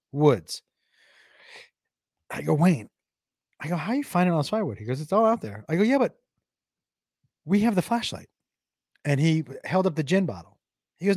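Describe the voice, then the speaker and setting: A male comedian spins a rowdy stand-up story, swearing as he goes. His voice jumps all over the place, loud one moment and hushed the next. The sound is dry and close. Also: on the high side, dry recording. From Texas. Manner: animated, profane, swings loud and quiet. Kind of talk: crowd-work stand-up storytelling.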